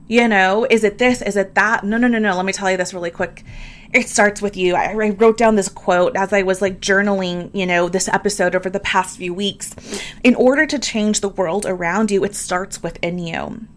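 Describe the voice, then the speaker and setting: A woman's voice: medium pitch, normal speed. An earnest woman hosts a personal podcast. She speaks straight to her listeners in a medium voice and often repeats a word when she is moved. Her talk is candid and emphatic. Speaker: podcast host.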